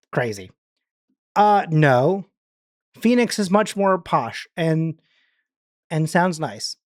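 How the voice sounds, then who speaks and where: A man's voice: on the high side, big pitch swings, very slow, long pauses, no room sound. Brief: male streamer, rambling casual chat, dry close sound. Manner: rambling, chatty, lots of fillers and restarts. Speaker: livestream host.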